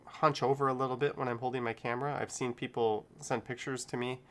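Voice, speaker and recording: Guy chatting on his livestream, laid back, rambly, laughs a lot, middle of the road pitch. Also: little pitch movement, quick pace. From Canada. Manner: rambling, easygoing, chuckles often. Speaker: live streamer. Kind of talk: casual live-stream chat.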